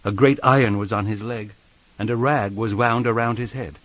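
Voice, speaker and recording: A man narrating an audiobook in a measured, expressive storytelling manner. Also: on the low side, no room sound. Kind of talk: scripted narration.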